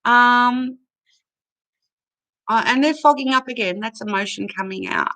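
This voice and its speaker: A woman chats unhurriedly on a home livestream, reading out comments and thanking her viewers. Her voice is bright and clear, and she takes her time with each thought, often emotional and close to tears. She talks into a computer mic. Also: a little high, unhurried, low-quality recording. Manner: chatty, warm thanks to viewers, emotional and tearful at times. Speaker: livestream host reading chat. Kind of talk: casual live chat.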